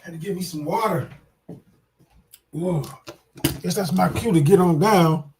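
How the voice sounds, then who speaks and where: Man, reaction commentary, indignant, repetitive, direct to viewers, high voice. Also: a little slow, a little mellow, slight background noise.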